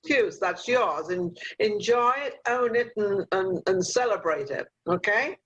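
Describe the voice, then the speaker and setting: A woman's voice: mid-range voice, expressive, a little slow, fairly bright tone, slightly rough, lo-fi sound. Chatty older woman host on a video call. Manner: motherly advice-giving, rambling with fillers. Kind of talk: video call talk show chat.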